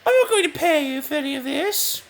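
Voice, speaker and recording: A man voicing a haughty, stingy old king in a shrill, mocking shout. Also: animated, brisk.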